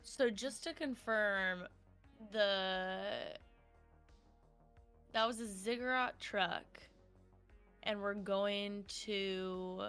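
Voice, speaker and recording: A woman's voice: mid-range voice, very slow, long pauses, a bit bright, clear, resonant tone, faint music behind. A woman playing a tabletop role-playing game, chatting eagerly and asking lots of questions. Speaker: player. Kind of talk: casual tabletop game chat.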